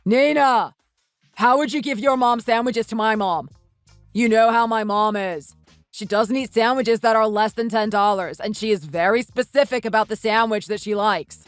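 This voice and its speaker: A woman voicing an impatient young husband in a voiced texting story, dropping her voice lower and speaking curtly. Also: normal speed, dry recording, soft background music, lightly acted. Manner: lowered voice, curt and scolding.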